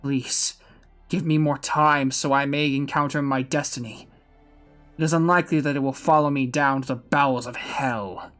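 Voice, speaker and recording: A man voicing a weary old male swordsman who awaits death, speaking in a slow, brooding, resigned way over faint music. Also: mid-range voice, fairly even intonation, fairly bright tone, close to an everyday voice. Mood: pleading. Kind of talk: fan voice reading of a game story.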